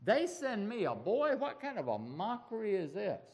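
A man's voice: high-pitched, wildly swooping pitch, normal speed, darkish tone, pitched above the performer's own voice, full character voice. A man voicing the giant Goliath, insulted and taunting, in a sermon retelling. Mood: scornful. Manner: scornful, taunting. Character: angry giant warrior Goliath, insulted and scornful.

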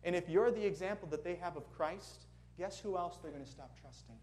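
A man's voice: sits high, fairly quick, a little mellow, slight background noise. A man preaching a sermon in a conversational way, asking the congregation questions as he goes. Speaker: pastor.

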